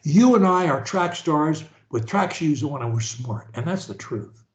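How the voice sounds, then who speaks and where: A man coaching a stutterer over a video call, preachy and animated, swinging from loud to whispered. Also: fairly high pitch, a little slow, reverberant, dull audio. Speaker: speech coach.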